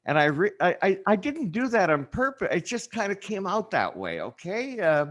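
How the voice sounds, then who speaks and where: A man's voice: high voice, big pitch swings. Rambling man hosting a casual stream. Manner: rambling, halting with many fillers. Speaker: show host. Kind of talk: casual livestream chat.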